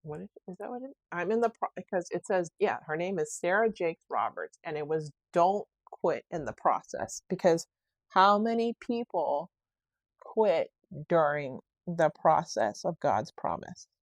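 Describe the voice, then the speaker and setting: On her solo podcast, a woman rambles reflectively through her week, frequently correcting herself mid-sentence. Her voice sits on the low side, expressive and measured in pace, with no room sound.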